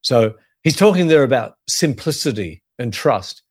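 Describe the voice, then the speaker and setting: Earnest pastor teaching in a dry room. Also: male voice, medium pitch, sing-song, dry recording. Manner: earnest, measured, emphatic on key phrases. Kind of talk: sermon-style teaching.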